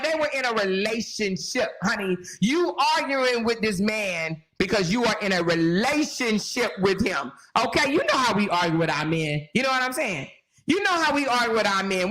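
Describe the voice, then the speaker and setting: A woman's voice: fairly high pitch, pushed and bright. A woman host giving sassy reaction commentary, laughing often and talking straight to her viewers.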